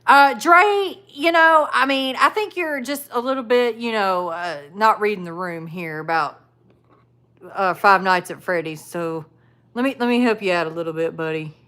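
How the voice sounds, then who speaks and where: Chatting bluntly and casually on her live stream, a Southern US woman reacts to videos and chat and leans heavily on "like" and "you know." She has a mid-range, fairly bright voice and talks at a normal speed.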